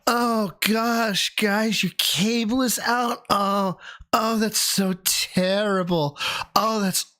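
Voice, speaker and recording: A man putting on a high, sing-song voice as a falsely apologetic cable company rep, mocking his sympathy. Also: fairly even intonation, pushed and bright, heavily acted. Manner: mock-sorry, drawn-out sing-song.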